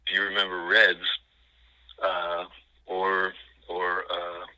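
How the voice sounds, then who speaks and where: An older man with a New York accent, talking in an interview in a rambling, halting way with many fillers and restarts. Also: sits low, monotone, bright, forceful tone, no room sound, poor audio. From New York City. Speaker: guest. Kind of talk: conversational interview.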